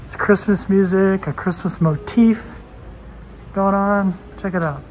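Guy vlogging his hotel room, kinda high voice, lots of likes and ums, a bit of hiss behind him. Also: a little slow, darkish tone. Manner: chatty, rambling with fillers. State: out of breath. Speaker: travel vlogger. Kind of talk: casual travel vlog. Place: hotel and street in Thailand, walking around.

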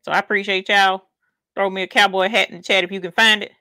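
A woman's voice: mid-range voice, little pitch movement, fast, sharp tone, no room sound, studio quality. A woman with a Southern US country accent, chatting folksily while hosting a craft livestream. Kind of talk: casual livestream chat.

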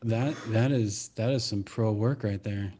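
Low, mellow man with laid-back remarks. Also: unhurried, breathy edge. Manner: laid-back, brief reactive comments. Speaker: podcast co-host. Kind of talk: casual chat.

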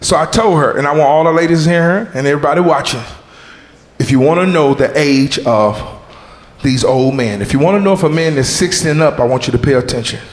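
Man, stand-up comic, high lively voice, roomy club echo, audience laughter behind. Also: brisk. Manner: loud and animated, shouting punchlines and bursts of sound effects; calls out audience members and crew by nickname. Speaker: stand-up comedian. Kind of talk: stand-up comedy set. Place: comedy club stage with a live audience.

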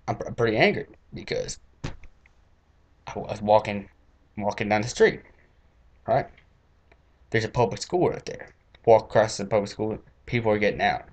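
An irritated man rants in a comic monologue, swearing freely. His voice keeps leaping up into loud, strained yelling. Then it drops back to a grumbling mid-range. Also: mid-range voice. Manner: angry, profane, bursts into shouting. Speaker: comedic ranter. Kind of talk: comedic rant monologue.

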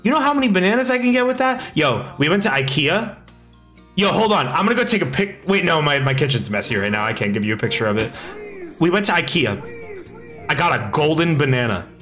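A young man streaming live, chatting excitably, reading chat aloud and swearing a lot, on a slightly echoey desk mic with faint music behind. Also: fairly high pitch, brisk. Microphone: desk microphone.

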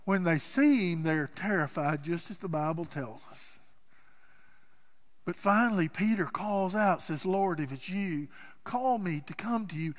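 A man preaching a sermon as pastor, telling a story dramatically and swinging from loud passages to hushed ones. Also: sits high, expressive, a little slow. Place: church sanctuary. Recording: church hall with long reverb.

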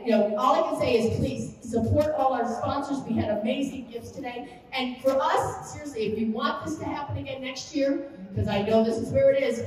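A woman's voice: sits high, a little mellow, a little hiss or hum. A woman addressing a seminar audience at a workshop, direct and instructive. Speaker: workshop speaker. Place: large event hall. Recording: echoey hall from far off.

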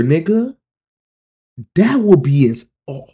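A man hosting a casual album reaction, excitable, laughing and repeating himself. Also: fairly high pitch, moderate pace. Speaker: music reaction host.

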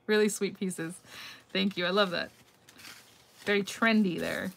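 A woman's voice: medium pitch, slow, vocal fry, fairly bright tone. A middle-aged woman hosting a casual live craft-mail reveal on her phone, chatty and gushing, thinking aloud and laughing often as she answers viewer comments.

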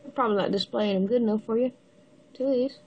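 A woman with the hiccups giving a casual step-by-step building tutorial, halting and pausing mid-step to show the pieces. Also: a little high, background noise. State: has the hiccups. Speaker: toy builder giving instructions.

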